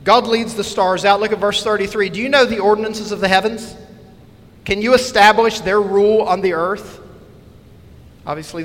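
Male preacher with a higher-pitched voice, earnest expository sermon, echoing church. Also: fairly bright tone. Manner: earnest expository preaching, reading scripture aloud.

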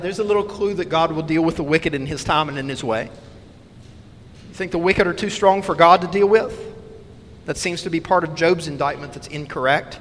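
Male preacher with a higher-pitched voice, earnest expository sermon, echoing church. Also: a bit bright, a little hiss or hum. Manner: earnest expository preaching, reading scripture aloud.

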